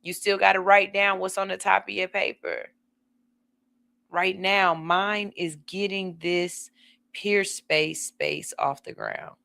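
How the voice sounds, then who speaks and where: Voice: mid-range voice, little pitch movement, takes it slowly, gravelly, bright, forceful tone. A podcast host talking casually and motivationally to the audience, checking in on viewers one by one in a laid-back way.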